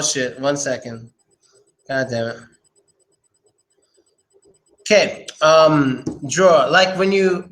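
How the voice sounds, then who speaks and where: A man's voice: on the high side, a bit bright, rough recording. A young man giving a casual, chatty English pronunciation lesson, drilling words over and over. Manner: chatty, loose, repeats words.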